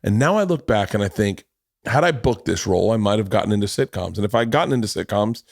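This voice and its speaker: A man in his forties hosting a podcast, telling a long story in casual chat, animated and swearing, jumping into quoted voices. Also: on the low side, fast, gravelly, no room sound, clean studio sound. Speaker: podcast host.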